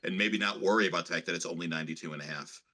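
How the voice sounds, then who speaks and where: Bright-voiced man in casual sports chat. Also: low-pitched, racing, a little hiss or hum. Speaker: co-host.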